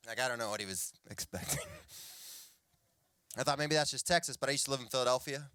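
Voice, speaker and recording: A man's voice: medium pitch, fast talker, fairly bright tone, clean tone, dry recording. A middle-aged man born in Cuba, performing a stand-up comedy set and acting out other people's voices.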